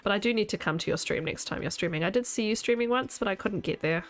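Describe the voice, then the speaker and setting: A woman's voice: mid-range voice, quick pace. Chatty woman streamer laughing along. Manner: chatty and playful, laughs often, hums and sings snatches. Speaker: game streamer. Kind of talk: casual chat while playing a video game.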